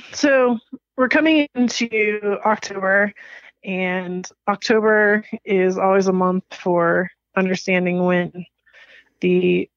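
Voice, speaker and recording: Interviewed about her business, a woman recounts her story slowly but with animation, laughing frequently and leaping higher in pitch when quoting herself. The recording is dry and muffled.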